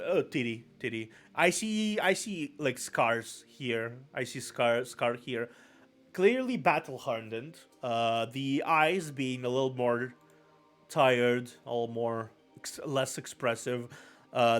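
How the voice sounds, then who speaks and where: A man's voice: mid-range voice, a bit bright. A man streaming live, giving casual, rambling commentary and often repeating his own phrases.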